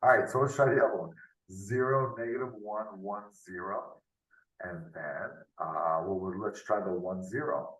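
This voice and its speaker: A man tutors math over a video call in a loose, unscripted lesson, thinking aloud and often finishing with tag questions. His voice is fairly low and a bit bright at a moderate pace, picked up off-mic in a roomy space.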